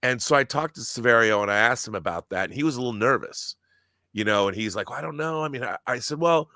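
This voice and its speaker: Geeky guy gushing through stories, bright voice, dry close sound, acts out quotes. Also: medium pitch, animated, fast talker, no room sound. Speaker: guest, audio drama producer. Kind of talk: casual podcast chat.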